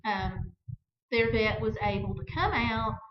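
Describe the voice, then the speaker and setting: A woman's voice: mid-range voice, takes it slowly, noisy background. Middle-aged woman telling a story in an echoey room. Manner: animated retelling that acts out both sides of an argument. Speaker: vlog host. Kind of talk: personal storytelling. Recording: echoey, dull-sounding room recording.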